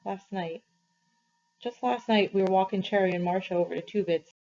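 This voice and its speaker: A woman's voice: mid-range voice, normal speed, mellow, slight background noise, close to an everyday voice. Female reader doing a homesick teen boy, earnest and pleading, storybook read-aloud, dull sound. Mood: wistful. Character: earnest fourteen-year-old boy, homesick. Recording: slightly muffled, dull recording.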